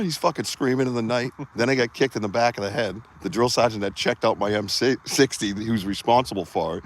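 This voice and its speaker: A man hosting a podcast live outdoors, telling profane, animated war stories and acting out the shouts of the people in them. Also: medium pitch, a little fast, hardly any pauses. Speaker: podcast host. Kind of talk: casual storytelling on a live outdoor stream.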